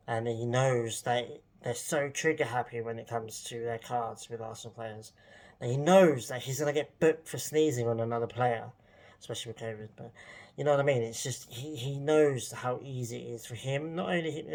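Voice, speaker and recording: A man with a gravelly, creaky voice vents in a rambling vlog rant. He sounds exasperated and sarcastic, with lots of ums and restarts as he picks his words. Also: medium pitch. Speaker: football fan vlogger. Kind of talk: casual ranting monologue.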